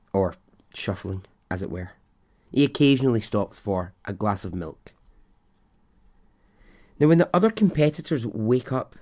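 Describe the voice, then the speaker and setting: A man hosting a podcast, telling a story in a chatty, animated way and laughing at his own tale. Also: mid-range voice. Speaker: podcast host. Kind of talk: casual storytelling.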